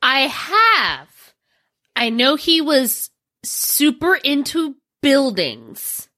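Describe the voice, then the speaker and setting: A woman co-hosting a podcast with a bright, ringing voice that swings widely in pitch. She jokes in a bawdy, playful way and sometimes breaks into song. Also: sing-song, very slow. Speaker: podcast co-host. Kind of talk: casual chat.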